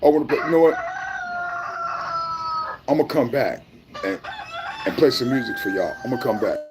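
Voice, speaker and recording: A man vlogging in rowdy, joking banter, loud and teasing, often repeating his lines. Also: medium pitch, expressive, moderate pace, background noise. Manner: loud teasing, repeats phrases, sing-song.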